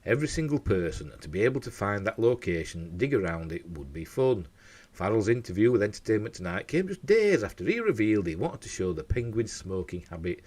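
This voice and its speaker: A man's voice: fairly low pitch, slightly rough. A man hosting a casual news show at home, reading out stories and rambling off into chatty asides, often tripping over his words.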